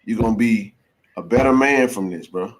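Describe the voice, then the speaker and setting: A man's voice: on the low side, normal speed, crowd noise. A man hosting a call-in sports podcast, talking emphatically and preachily, dropping "bro" and "man" often. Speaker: podcast host. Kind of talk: casual call-in chat.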